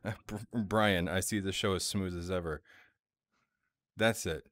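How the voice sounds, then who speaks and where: A man's voice: low-pitched, fairly even intonation, measured pace, a bit bright, no echo. A man hosting a casual livestream chat, jokey and rambling, with many restarts. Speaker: host.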